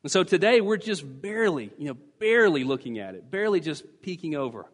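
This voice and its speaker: A man's voice: fairly high pitch, sing-song, fast. A man preaching a sermon as pastor, emphatic and teaching, repeating key phrases to drive points home. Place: church sanctuary. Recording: long church reverb.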